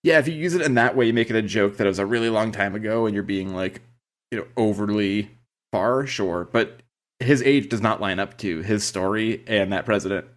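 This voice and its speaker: A man's voice: lowish voice, fairly quick. A man in his thirties co-hosting a podcast, wryly picking apart the jokes of a sitcom episode in casual chat. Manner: analytical, wry, picks apart jokes. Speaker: podcast co-host.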